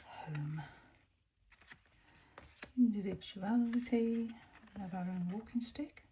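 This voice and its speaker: A woman, musing softly as she reviews cards, often half-whispering. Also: medium pitch, slow, a little hiss or hum. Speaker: tarot deck reviewer. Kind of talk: casual unboxing commentary.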